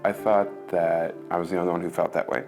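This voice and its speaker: A young man in his twenties, soft and reflective, interviewed at home. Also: deep voice, flat delivery, fast. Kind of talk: recorded news interview. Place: home, indoors. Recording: faint music bed underneath.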